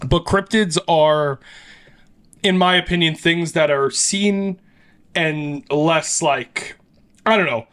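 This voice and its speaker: A man's voice: fairly high pitch, slow pace, pauses often, clean tone. A man hosting a podcast, casually retelling an urban legend with swearing and frequent laughs. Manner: animated, swears, laughs often. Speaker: podcast host. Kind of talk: casual storytelling chat.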